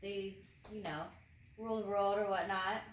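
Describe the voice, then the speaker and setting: A woman's voice: medium pitch, fairly even intonation, normal speed. A woman joining a casual podcast discussion, adding short remarks and agreement. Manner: conversational, adds brief agreeing remarks. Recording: echoey room, distant mic, faint noise.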